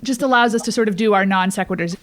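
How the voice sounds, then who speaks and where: Co-host: woman, mid-pitched, playful interviewer. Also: quick pace. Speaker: podcast co-host. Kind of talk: casual interview.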